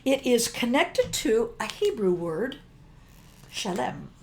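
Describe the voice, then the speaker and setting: A woman's voice: a little high, big pitch swings, slow, gravelly, a little mellow, slight background noise. Chatty older woman teaching scripture. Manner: chatty and emphatic, breaks off mid-phrase. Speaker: worship teacher. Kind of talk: casual devotional teaching.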